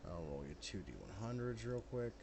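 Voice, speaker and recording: Blunt, lower-voiced man running the game. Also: lively intonation, background noise. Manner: brisk, blunt, swears casually. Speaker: game master.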